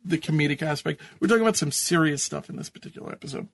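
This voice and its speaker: A man's voice: on the high side, very fast, gravelly. A man co-hosting a podcast in casual chat, hesitant, with many ums and laughs at himself. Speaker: podcast co-host.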